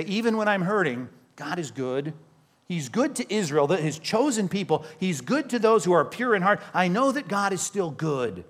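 A male pastor preaching a sermon, animated and emphatic, rising and falling as he drives points home. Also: sits high.

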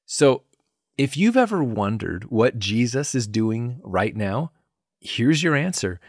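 A man hosting a podcast, giving an earnest, measured devotional teaching. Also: medium pitch, big pitch swings, breathy edge, no room sound, studio quality. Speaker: podcast host and Bible teacher.

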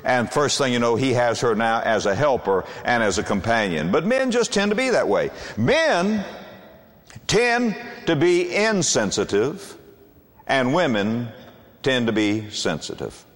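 An older man delivering a sermon in an emphatic preacher's cadence, leaning hard on key words and pausing for effect. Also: medium pitch, sing-song. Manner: emphatic, swooping preacher cadence with dramatic pauses. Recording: long hall reverb.

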